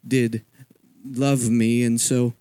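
A man's voice: mid-range voice, little pitch movement, extremely slow, mellow, smooth, dry recording. A man from Philadelphia giving a personal testimony as a guest speaker at a church, talking in a conversational storytelling way with frequent asides. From Philadelphia, USA.

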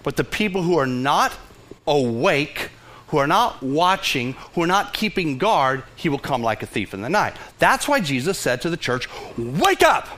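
A middle-aged man with a Texan accent, preaching a sermon as pastor, passionate and animated, with frequent restarts. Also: fairly high pitch, moderate pace.

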